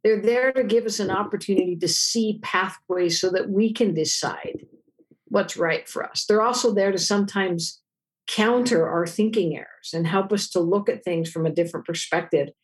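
A middle-aged woman, a therapist, answering interview questions and telling stories with lively acted-out dialogue. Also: moderate pace. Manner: expressive storyteller, acts out dialogue with big pitch jumps.

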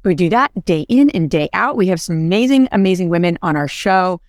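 A woman's voice: on the low side, animated, brisk, no room sound, studio quality. A woman in her forties hosting a podcast, telling stories in a chatty way, often asking "right?" and laughing. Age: 40s. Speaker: podcast host. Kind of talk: casual podcast chat.

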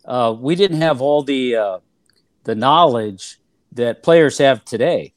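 An older man, a former ballplayer turned TV analyst, telling stories in a relaxed interview with many fillers and restarts. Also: medium pitch, takes it slowly, no echo, studio quality. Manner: rambling, filler-heavy recollection with frequent restarts. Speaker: former player and TV analyst, guest.

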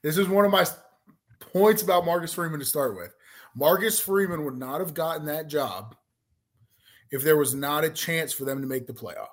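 A man's voice: a little high, normal speed. A man co-hosting a casual sports betting chat, teasing the others and making his case. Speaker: sports podcast co-host.

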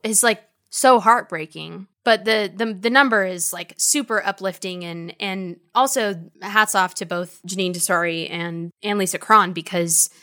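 A woman who is a podcast guest, chatting casually with enthusiasm in long excited runs. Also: medium pitch, measured pace, hardly any pauses. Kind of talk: casual chat.

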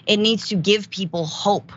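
A woman's voice: mid-range voice, normal speed, slightly rough. A woman co-hosting a news commentary show, giving earnest, opinionated takes. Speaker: guest co-host. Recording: dull, muffled, lo-fi sound.

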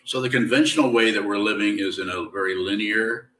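A man giving a slow, halting, reflective dharma talk as a Zen teacher, in a slightly whiny tone. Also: fairly low pitch, a bit bright. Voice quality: self-described whiny tone. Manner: slow, halting, reflective delivery with many restarts. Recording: distant mic.

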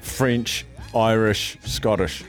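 A man co-hosting a radio show, chiming in with quick, playful guesses and short replies. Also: lowish voice, faint music behind. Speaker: radio co-host. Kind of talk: casual radio banter.

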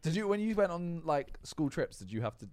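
A man's voice: fairly high pitch, very animated, brisk, darkish tone, no room sound. A man hosting a casual podcast, often laughing as he tells stories. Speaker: podcast host.

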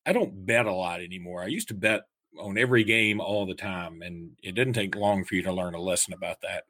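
A man's voice: low voice, brisk, fairly bright tone, dry recording. A man hosting a podcast, rambling in a wry, casual way about betting, travel and holidays. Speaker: podcast host. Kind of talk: casual chat.

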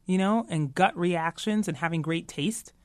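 A tech executive appears as a guest in a casual interview, talking animatedly, laughing easily, and sprinkling in plenty of "you know." Her lowish voice moves at normal speed with a darkish tone, recorded in studio quality with no room sound.

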